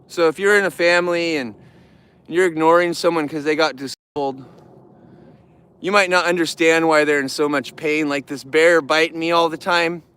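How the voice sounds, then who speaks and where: A man talking straight to camera in a rambling, heartfelt way, his voice smooth and resonant. He sits a little higher than most men and gets worked up and bitter easily. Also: steady tone, moderate pace, fairly bright tone. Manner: emotional, rambling, earnest. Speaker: vlogger who keeps bears. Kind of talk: casual talk to camera.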